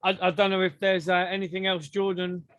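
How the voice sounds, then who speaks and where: A man's voice: sits high, flat delivery, brisk, a bit bright, no echo. A man hosting a podcast interview, casual and agreeable, swearing now and then. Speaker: podcast host.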